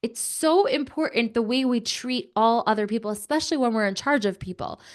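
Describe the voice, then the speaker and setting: A young woman telling an animated story to children, chatty and excitable, with lots of filler words. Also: a little high, fairly quick.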